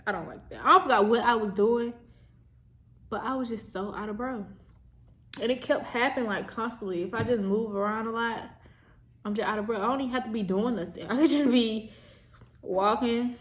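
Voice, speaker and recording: Young adult woman vlogger, loose chatty delivery, repeats herself, voice on the higher side. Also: a bit bright. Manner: rambling, chatty, repeats herself, says "y'all". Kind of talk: casual chat to camera.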